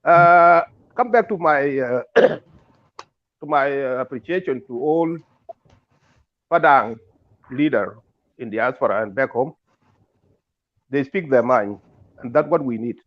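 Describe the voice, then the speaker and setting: A man's voice: medium pitch, takes it slowly, pauses often, highs cut off. A man calling in with formal remarks, hesitant and full of fillers. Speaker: caller.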